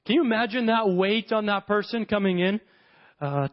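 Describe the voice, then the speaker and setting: A man's voice: high voice, moderate pace, long pauses, dull audio. A man preaching a sermon in a conversational way, acting out the characters of a parable as he retells it.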